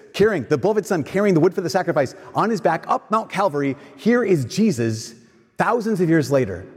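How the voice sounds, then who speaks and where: A man preaching a sermon, asking the crowd questions and answering them himself in an animated way. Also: fairly high pitch, husky. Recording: long hall reverb.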